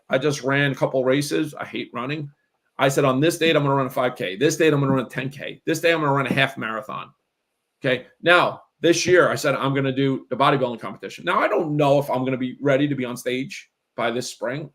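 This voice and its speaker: Gravelly man giving a motivational talk. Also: mid-range voice, quick pace, a bit bright. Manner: emphatic, repeats "right?" as a check-in. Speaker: real estate coach. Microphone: video call.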